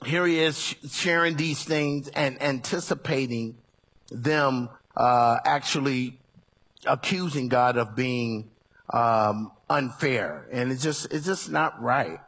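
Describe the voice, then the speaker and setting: A male preacher delivering a sermon, animated and folksy, swinging from low murmurs up to shouts. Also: slow pace, husky. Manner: folksy and colloquial.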